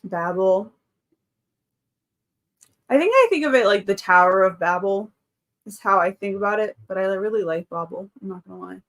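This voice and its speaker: A woman's voice: medium pitch, expressive, moderate pace, pauses often. Brief: woman, 30s, livestream host, casual and chatty, mid-range voice. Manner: chatty, reads out chat comments, frequent laughs. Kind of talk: casual live-stream chat.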